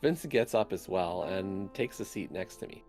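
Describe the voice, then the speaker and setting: A man streaming a game, reading its narration aloud in a steady, even way. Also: sits low, moderate pace, faint music behind.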